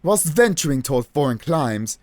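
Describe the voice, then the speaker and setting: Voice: medium pitch, very animated, moderate pace, a little mellow, no room sound, lightly acted. A player putting on Sherlock Sholmes, pompous British detective. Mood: grandiose. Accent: put-on British. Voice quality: grandiose, theatrical, over-enunciated. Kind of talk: let's play voice acting.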